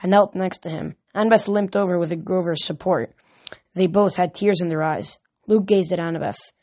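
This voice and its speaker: A woman's voice: fairly low pitch, normal speed, mellow. Woman reading a novel aloud. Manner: earnest, stumbles and corrects words. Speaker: reader.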